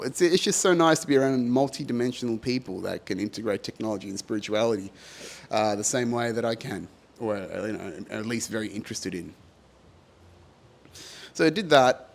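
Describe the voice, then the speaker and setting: A man's voice: mid-range voice, moderate pace. A man hosting a podcast in a casual monologue, rambling with many fillers and frequent laughter. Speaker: podcast host.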